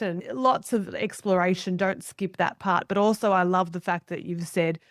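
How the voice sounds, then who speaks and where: A woman's voice: on the low side, steady tone, normal speed, hardly any pauses, no echo, clean studio sound. A woman hosting a podcast, talking in an affirming, conversational way with her guest. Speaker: podcast host.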